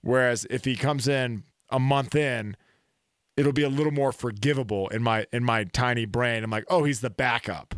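A man co-hosting a podcast, chatting about football in a casual, animated way. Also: medium pitch, moderate pace, clean tone, dry recording, studio quality. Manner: animated, does jokey voices in stories. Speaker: podcast co-host. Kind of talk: casual sports chat.

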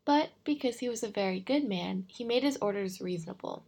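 Woman audiobook narrator, measured storytelling read, gravelly and husky, mid pitch. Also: animated, a little mellow. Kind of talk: audiobook reading.

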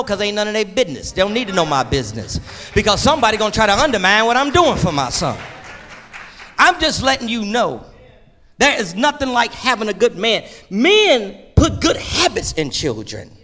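A man's voice: high-pitched, pushed and bright. A middle-aged man preaching a sermon in an emphatic, folksy way, repeating his key phrases.

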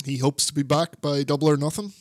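A man's voice: a little high, steady tone, quick pace, no room sound. Sweary man, dry close mic. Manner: sweary, rambling, laughs often. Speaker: podcast co-host. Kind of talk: casual wrestling chat.

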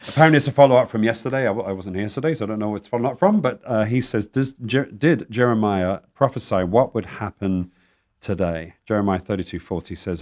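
A man's voice: fairly low pitch, fast, darkish tone. A man co-hosting a talk show in a casual, easygoing way, reading viewer questions aloud.

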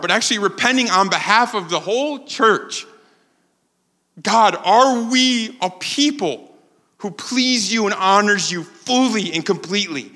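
A man preaching a sermon as pastor, animated and acting out the quotes he tells. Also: sits high, long reverb tail. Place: church sanctuary.

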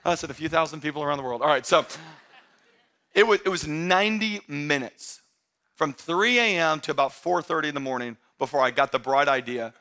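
A man preaching a sermon as pastor, talking straight to his church in a conversational way and often rising to emphatic, shouted excitement. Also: fairly high pitch, fairly quick. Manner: conversational, addresses the congregation directly.

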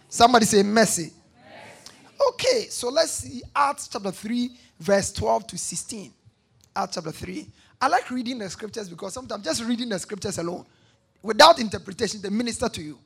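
A man preaches a sermon in a very high, gravelly voice with a husky edge. He reads scripture aloud, calls on the congregation to repeat after him, and rises to shouts at the peaks. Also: animated, fairly quick. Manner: call-and-response, shouting at peaks.

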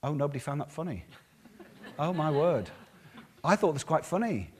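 A man preaching a sermon as a pastor, lively and acting out the words of others. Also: a little high, normal speed. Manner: lively, acts out quotes of others.

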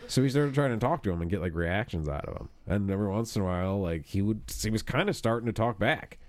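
A man with a fairly low voice swaps stories in animated, swearing casual chat. The recording is dry and close, with no room sound. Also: fast, no room sound. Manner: animated, profane, lots of filler words.

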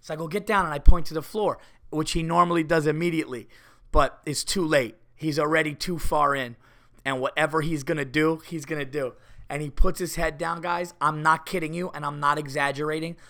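Man, middle-aged, podcast host, casual storytelling, fighting a cold, sharp bright tone. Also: on the high side, brisk. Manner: animated storytelling, exaggerated retelling.

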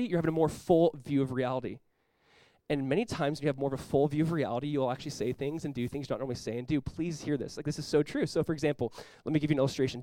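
A pastor preaching a sermon in a quick, rushing delivery, his voice sitting a little high for a man. He is earnest and emphatic, doubling words as he presses each point home. The sound is close and dry. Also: no echo, poor audio. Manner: acts out short quoted voices.

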